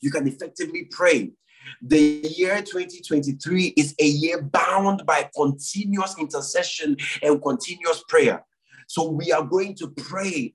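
Husky-voiced man leading church prayers. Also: fairly high pitch, rough recording. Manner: repeats phrases for emphasis, earnest exhortation. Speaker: pastor. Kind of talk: sermon and church announcements.

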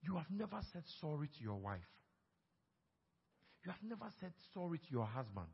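Husky-voiced preacher in a big reverberant hall. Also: male voice, fairly high pitch, moderate pace. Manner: lively preaching, quoting couples in small put-on voices. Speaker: pastor. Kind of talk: sermon on marriage. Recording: dull sound with long hall reverb.

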